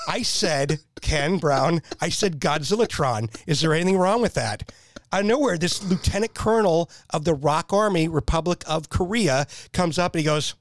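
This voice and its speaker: A man telling animated stories in a casual chat and laughing at his own jokes. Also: on the high side, moderate pace, dry recording, clean studio sound.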